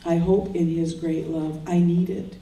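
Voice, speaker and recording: A woman's voice: fairly low pitch, level tone, a little slow, dark tone. An older woman, a grieving mother, speaking earnest and prayerful words at a memorial in short solemn phrases. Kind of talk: slow heartfelt memorial speech. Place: memorial gathering. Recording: roomy sound from far off.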